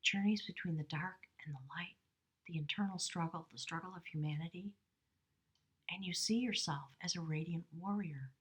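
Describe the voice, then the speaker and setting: Soft-spoken breathy woman reading tarot. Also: lowish voice. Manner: soft, slow, drifting into whispers; earnest, spiritual. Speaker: tarot reader. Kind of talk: channeled tarot reading to camera.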